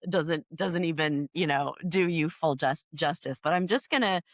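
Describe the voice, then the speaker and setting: A woman's voice: low-pitched, normal speed, no room sound. A woman hosting a podcast interview, chatty and enthusiastic, with lots of "like" fillers. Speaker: podcast host. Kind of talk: casual interview chat.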